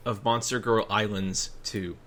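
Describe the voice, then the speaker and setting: Low-voiced crude joking podcast man. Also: steady tone, measured pace, a bit bright, slight background noise. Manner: crude, amused, reads passages aloud. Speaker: podcast co-host. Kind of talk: casual comedic chat.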